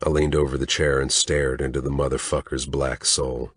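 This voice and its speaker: A man's voice: a bass voice, level tone, normal speed, husky, no echo. A man narrating a story in a menacing, crude voice. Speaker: audiobook narrator. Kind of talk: scripted narration.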